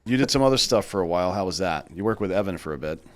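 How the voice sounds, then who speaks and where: A man hosting a podcast, chatting in a relaxed, blunt way and swearing casually. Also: sits low, rapid-fire. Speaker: podcast host. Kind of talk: casual chat.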